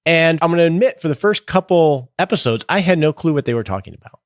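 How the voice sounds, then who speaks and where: A man's voice: a little high, animated, fast talker, no room sound, studio quality. A man in his fifties hosting a podcast, explaining in a casual, jokey, conversational way. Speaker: podcast host and financial planner.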